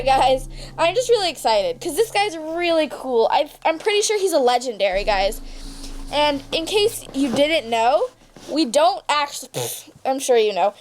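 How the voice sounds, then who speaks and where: Young woman, high-pitched, bubbly, rambling, jokey game commentary. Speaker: gaming channel host.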